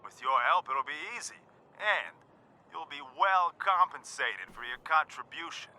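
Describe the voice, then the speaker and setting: A scheming cartel fixer with a high, bright, sharp-edged voice, selling his deal with loud, theatrical salesman patter. His pitch swoops up and down as he wheedles and flatters, and he plainly enjoys his own pitch. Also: a little slow, heavily acted. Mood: persuasive. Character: slick, scheming male cartel fixer on a radio. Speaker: game character.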